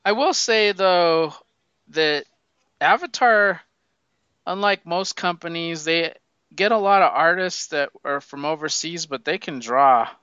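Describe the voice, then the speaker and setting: A man's voice: fairly high pitch, unhurried, pushed and bright, clean tone, dry recording, lo-fi sound. A man in casual comic book chat, loose and profane, laughing often and stumbling over his words.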